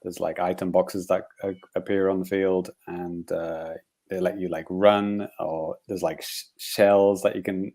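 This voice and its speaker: A man's voice: low-pitched, flat delivery, a little slow, a little mellow. A man co-hosting a podcast, chatting casually in a rambling way with frequent chuckles and fillers. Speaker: podcast co-host. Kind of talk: casual chat.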